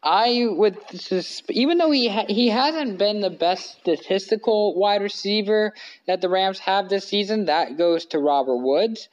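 Unhurried and high-voiced, a man hosts a casual sports podcast from his living room couch, rambling and correcting himself amid frequent fillers. The recording has its highs cut off.

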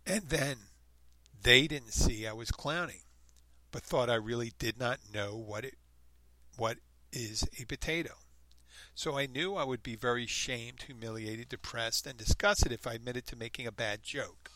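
A man reading a comic story aloud in a deadpan, playful way, acting out the quoted lines and adding his own remarks. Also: mid-range voice, measured pace, dry recording. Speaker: reader of online posts.

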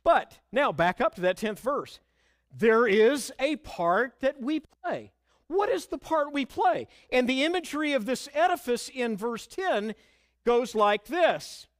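High-voiced emphatic preacher man. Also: animated, unhurried, no echo, clean studio sound. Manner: earnest, emphatic, quotes scripture and hymns. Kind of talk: expository sermon.

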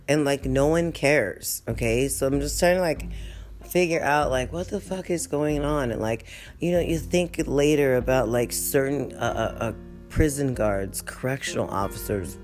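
A woman's voice: a bass voice, darkish tone. A woman vlogger venting in a casual story, swearing constantly, rambling off topic and breaking into laughter often.

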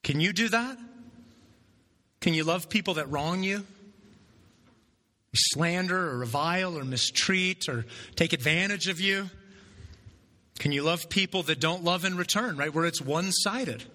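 A man's voice: on the high side, measured pace, pauses often, pushed and bright, big-room sound. A man preaching a sermon as pastor, talking conversationally and checking in with his listeners by asking "right?" again and again.

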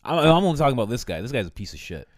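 A man co-hosting a casual podcast, excitedly retelling a story with swearing and acted-out voices. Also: medium pitch, racing, no echo, clean studio sound. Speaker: podcast co-host. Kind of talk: casual chat, animated retelling.

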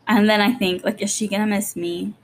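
A young woman and mother chatting casually to her vlog, rambling quickly with lots of "like", jittery and short on sleep. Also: medium pitch, fairly even intonation. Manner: rapid rambling, lots of "like", nervous. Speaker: vlogger, young mom.

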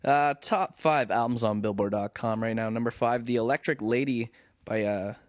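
Man, podcast co-host, deadpan, dry close sound, casual chat. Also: mid-range voice, moderate pace, dry recording.

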